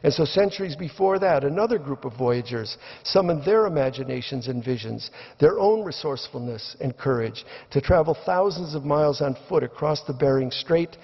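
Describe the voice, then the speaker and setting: An older man with a medium-pitched voice and vocal fry opens a debate with reflective remarks. He tells stories along the way and acts out quotes. The sound is dull and lo-fi, echoing in a reverberant lecture hall.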